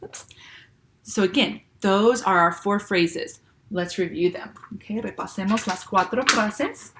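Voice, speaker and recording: A woman teaching young children, speaking slowly and clearly and checking often with "okay?". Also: mid-range voice, very noisy. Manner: patient, slow and clear, with many "okay?" checks. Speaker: Spanish teacher. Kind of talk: classroom lesson for children.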